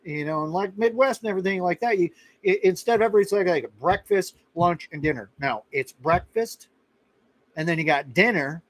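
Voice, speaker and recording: A middle-aged man hosts a casual live chat, his voice pitched slightly higher than most men's. He rambles along conversationally, doubling back with restarts and little asides. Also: dry recording, rough recording. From Florida. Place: rural outpost in western Kentucky.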